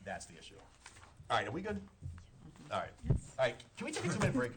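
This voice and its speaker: Boston-area man chairing a town board, fast and joking; noisy meeting audio. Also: mid-range voice, huge pitch swings. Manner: brisk, joking, self-deprecating.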